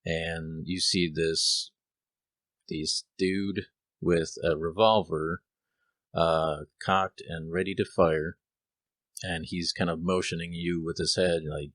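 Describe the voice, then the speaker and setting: A man's voice: sits low, fairly even intonation, slow pace, a bit bright, dry recording. A young man narrating a tabletop role-playing game as game master, casual and rambling with many fillers.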